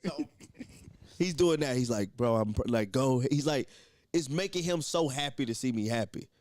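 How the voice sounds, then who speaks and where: Animated, laughing young man telling stories. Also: mid-range voice, moderate pace, no room sound, clean studio sound. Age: young adult. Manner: animated, profane, laughs often. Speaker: comedian guest. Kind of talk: casual storytelling.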